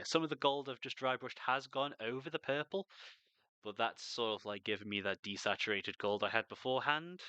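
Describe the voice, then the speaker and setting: A man's voice: fairly low pitch, bright, forceful tone, dry recording. A young man chatting casually and swearing freely as he paints miniatures on a stream. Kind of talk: casual chat while painting.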